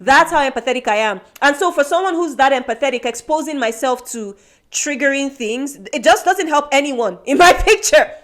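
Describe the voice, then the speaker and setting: A woman's voice: sits high, expressive, normal speed. A woman born in Nigeria co-hosting a podcast, talking earnestly and reflectively in a casual chat. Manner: earnest, self-reflective, many restarts. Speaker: podcast co-host.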